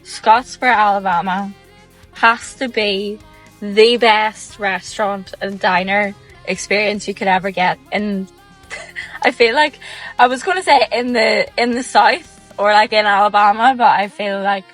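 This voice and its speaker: A woman's voice: medium pitch, measured pace, fairly bright tone, soft background music, rough recording. A woman chatting to camera from inside a car, gushing and laughing as she talks about a diner. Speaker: travel vlogger. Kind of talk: casual chat to camera.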